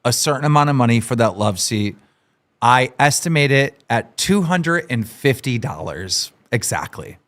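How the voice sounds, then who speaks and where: A man hosting a livestream, talking casually and brashly, swearing and yelling at his guests. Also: medium pitch, moderate pace. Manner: brash, profane, excitable. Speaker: stream host. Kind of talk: casual streamer chat.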